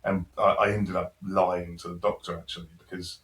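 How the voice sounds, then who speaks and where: A young man, a podcast guest, telling a personal story in a lively, casual way, acting out dialogue and swearing now and then. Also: deep voice, normal speed, very noisy. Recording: roomy echo.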